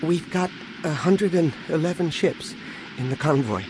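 A man's voice: medium pitch, moderate pace, close to an everyday voice. A man voicing a nervous teenage son who stammers and hesitates, in an audiobook reading. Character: young nervous male pilot, teenage son. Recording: steady background noise.

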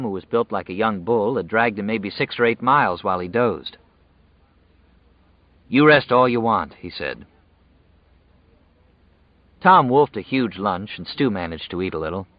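A man reading a novel aloud in measured, even scripted narration. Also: on the low side, no room sound. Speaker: audiobook narrator. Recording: dull dry lo-fi audio.

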